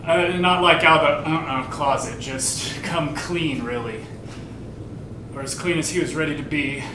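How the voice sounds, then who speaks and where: A man's voice: unhurried, lightly acted. An actor playing a bitter, profane man telling a rambling, sardonic family story to a live theater audience. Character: bitter, foul-mouthed grown man confiding a family story. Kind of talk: live stage play monologue to the audience. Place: theater stage. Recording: echoey live theater, far from the mic, rumbling noise.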